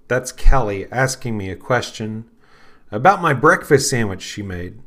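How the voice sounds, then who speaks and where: A man, middle-aged, hosting a podcast and talking casually in a rambling, unhurried way with lots of fillers. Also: medium pitch, expressive, fairly bright tone. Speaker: podcast host. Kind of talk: casual solo talk.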